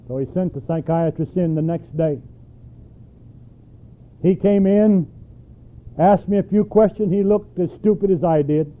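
A preacher delivers an emphatic sermon, often throwing questions back to his listeners. His voice sits high for a man. The recording is thin and tinny, like an old tape played down a phone line. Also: measured pace, long pauses. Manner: emphatic, asks the congregation questions.

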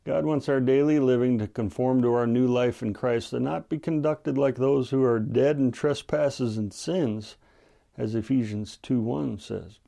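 A man, the pastor, teaching an earnest, measured radio Bible-study sermon and reading scripture aloud. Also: medium pitch, gravelly, warm tone.

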